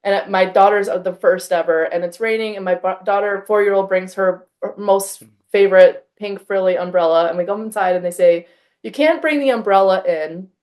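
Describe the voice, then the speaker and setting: Animated woman host telling a story. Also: mid-range voice, moderate pace. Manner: animated storyteller, acts out quoted exchanges, frequent "like". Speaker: podcast host. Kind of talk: casual conversation.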